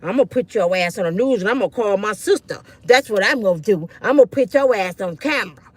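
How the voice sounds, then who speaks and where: A woman's voice: medium pitch, expressive, quick pace, a little mellow, voice pushed down, natural voice. A woman voicing a suspicious, confrontational neighbor woman who accuses and taunts. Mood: taunting.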